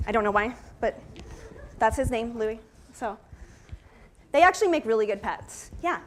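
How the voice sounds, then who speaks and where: A woman with a high voice gives a lively college lecture. She talks in a chatty, playful way and keeps turning to the audience. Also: normal speed. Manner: chatty, playful, addresses the crowd as you guys. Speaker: college instructor giving a panel talk.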